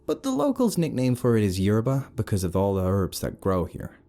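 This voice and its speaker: A male narrator voicing a brash, teasing young woman who works as a tour guide, bossy and sharp-tongued. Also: fairly low pitch, wildly swooping pitch, fairly quick, voice pushed up.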